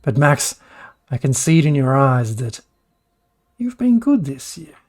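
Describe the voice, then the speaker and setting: A man's voice: medium pitch, big pitch swings, unhurried. A man voicing a jolly old bearded prisoner who speaks kindly and knowingly.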